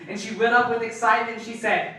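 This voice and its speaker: A young adult man doing a stand-up comedy set on a club stage, animated and building to mock-outraged shouts. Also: extremely high pitch, fast. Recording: echoey club from far off.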